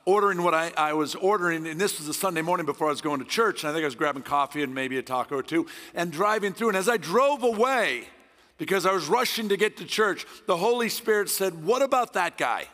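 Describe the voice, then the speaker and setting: A middle-aged man from Southern California, a guest pastor preaching a sermon in a loud, intense, passionate way. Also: high-pitched, fast. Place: church hall. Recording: long church hall reverb.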